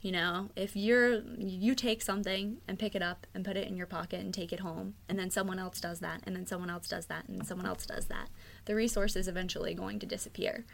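Gravelly-voiced woman explaining park rules. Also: mid-range voice, fairly even intonation, brisk, slight background noise. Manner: earnest, informative, with frequent "um"s. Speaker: park staff guest. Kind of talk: explanatory interview answers.

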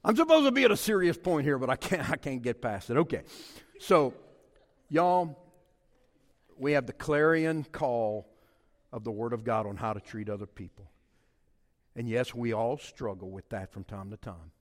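A middle-aged man delivers a funny, story-driven sermon in a church. His pitch leaps all over the place as he acts out scenes with mock phone calls and noises. A long hall reverb trails every line. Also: moderate pace. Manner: animated, acts out his own story with mock quotes and sounds. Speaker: pastor. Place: church sanctuary.

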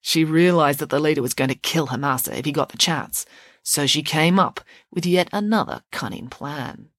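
A woman storyteller giving an expressive, animated bedtime story narration. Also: low-pitched, normal speed, no room sound.

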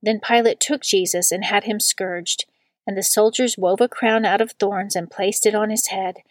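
A woman giving a steady, measured scripture reading. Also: medium pitch, no echo.

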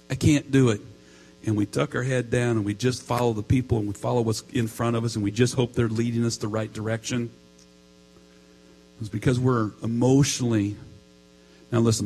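A man's voice: medium pitch, darkish tone, poor audio. A middle-aged man preaching a sermon, telling a personal story in a casual way with many fillers. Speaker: pastor. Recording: mains hum.

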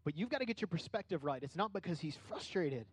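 Middle-aged guy preaching, kinda high voice, dry close sound, gets worked up then drops quiet. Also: quick pace, husky, no echo. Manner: conversational preaching with rising animated bursts. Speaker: pastor. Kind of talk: sermon.

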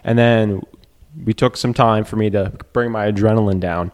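A man with a fairly low voice tells a story in a loose, casual conversation. He is animated and gets wound up, acting out the scene as he goes. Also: normal speed.

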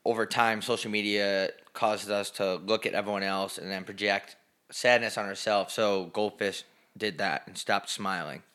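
A man's voice: on the low side, steady tone, moderate pace, fairly bright tone. A young man co-hosting a podcast, making goofy, mock-serious jokes in crude casual banter. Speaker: podcast co-host.

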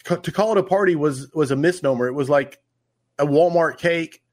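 A man's voice: fairly high pitch, fairly quick. A middle-aged man from Oklahoma hosting a fire service podcast, chatting casually and enthusiastically and reading a sponsor spot. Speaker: podcast host.

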